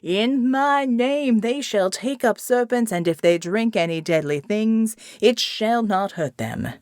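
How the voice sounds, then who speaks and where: A woman's voice: fairly high pitch, measured pace, darkish tone, no room sound, studio quality, close to an everyday voice. A woman voicing a male pastor who preaches in a sing-song voice that rises and falls. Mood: preaching. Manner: sing-song, rising and falling.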